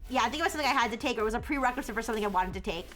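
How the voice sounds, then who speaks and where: A young woman streamer talks loosely with her chat, reacting to messages and breaking into giggles. Her voice sits high and sounds bright and lively. Faint music plays underneath. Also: very fast. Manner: chatty, reads and answers chat, giggles often. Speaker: livestreamer. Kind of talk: casual livestream chat.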